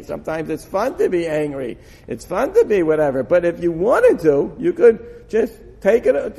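A man giving an animated Torah lecture, acting out dialogue with frequent laughs. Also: high-pitched, vocal fry. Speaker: Torah teacher. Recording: long hall reverb.

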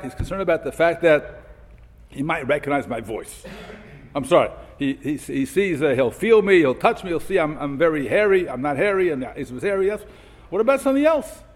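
Guy teaching a torah class, bouncy pitch, slightly husky, big echoey hall. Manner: mixes Hebrew quotes with English explanation, asks questions. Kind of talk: Torah lesson.

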